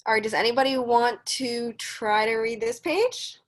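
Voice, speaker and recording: Over a video call, a woman hosts a read-along for small children, reading a picture book slowly and with care and encouraging the kids in asides. Her pitch sits fairly high.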